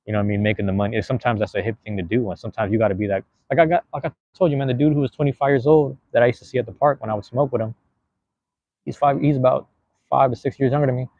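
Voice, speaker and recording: The recording is dry with the highs cut off, carrying a fairly low male voice. He's a young podcast host and live streamer from the US West Coast, drifting through a laid-back live-stream monologue packed with slang and cursing.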